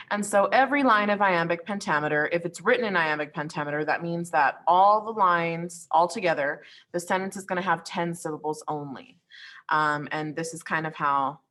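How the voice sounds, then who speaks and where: A woman teacher with a somewhat low voice talks students through an assignment over a screen share. She explains in a friendly, casual way, with plenty of ums and likes along the way. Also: pushed and bright. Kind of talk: recorded online lesson walkthrough.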